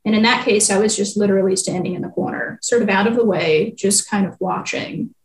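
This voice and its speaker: A young adult woman who works as a newspaper reporter answers interview questions thoughtfully, filling her speech with lots of ums and likes. She talks fairly quickly at a medium pitch in an echoey room.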